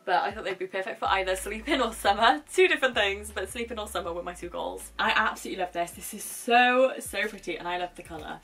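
A woman's voice: medium pitch, quick pace, hardly any pauses, fairly bright tone. A young woman vlogger chatting casually and gushing about a shopping haul. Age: young adult.

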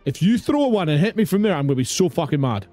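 A man's voice: fairly high pitch, very animated, quick pace, dark tone, faint music behind. A man with a British accent doing live gameplay commentary, swearing and ranting at the game in exasperation. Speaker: streamer.

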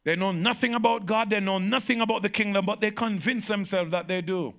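A male pastor preaching with a high, gravelly voice and a sharp, bright edge. He hammers home repeated phrases. He swings between shouted peaks and slow, hushed stretches. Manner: insistent repetition of phrases. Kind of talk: sermon to a live congregation.

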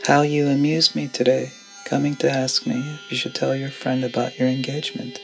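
A man's voice: mid-range voice, level tone, a little fast, gravelly, natural voice, rough recording. A man voicing a scornful, domineering old father who mocks and accuses his son, with music underneath. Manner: mocking, harsh, accusing.

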